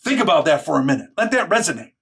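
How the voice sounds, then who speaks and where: Brief: New man, blunt and streetwise, slightly high-pitched storyteller. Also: big pitch swings, racing, creaky, fairly bright tone, slightly rough. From New York. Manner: blunt, profane, street talk. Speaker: YouTuber recounting prison life. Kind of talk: casual storytelling monologue.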